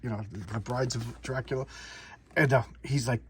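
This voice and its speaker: A man's voice: mid-range voice, fairly even intonation, normal speed, a little hiss or hum. A man doing a casual comic book showcase, rambling and often repeating and restarting words.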